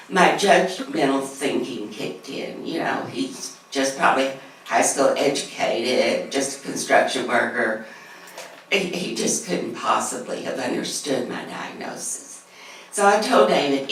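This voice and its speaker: A woman's voice: low voice, measured pace, vocal fry. Middle-aged lady reading her story to a church class, earnest, echoey and far off, faint hiss. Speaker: class speaker. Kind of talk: reading a personal story aloud.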